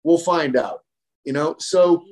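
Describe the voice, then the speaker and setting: A man with a slightly high-pitched voice, speaking as a coach on a podcast. His delivery is casual and blunt, heavy on "like" and built on repeated phrases that stack up for emphasis. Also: slow, darkish tone. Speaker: strength coach and podcast guest. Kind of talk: casual conversational explanation.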